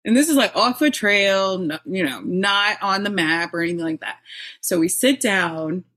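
A middle-aged woman, a podcast guest, telling her own story in a candid, animated way with bursts of laughter. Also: medium pitch, moderate pace. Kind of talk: personal storytelling in an interview.

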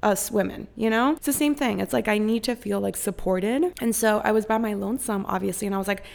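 A young woman with a gravelly, fry-laden voice tells a story on her podcast in loose, casual chat. She talks with profane, animated energy and often slips into acted-out voices of the people she is describing. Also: mid-range voice, a little fast. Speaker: podcast host.

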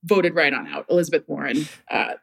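A woman's voice: sits low, fairly quick, gravelly. A woman in her thirties from Massachusetts calling in to tell a story casually, often breaking into laughter as she talks. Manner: laughs often mid-sentence, animated. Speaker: caller.

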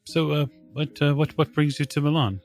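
A man voicing a dutiful middle-aged station sweeper with an Italian accent, speaking in halting, plain sentences in a tabletop game. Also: fairly high pitch, soft background music, voice pushed up, natural voice. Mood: friendly.

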